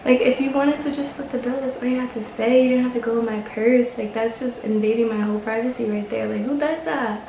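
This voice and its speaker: A woman's voice: on the high side, fairly even intonation, quick pace, few pauses, warm tone, reverberant, a little hiss or hum, rough recording. A young woman vlogger telling a casual story, chatty and exasperated, swearing and laughing often.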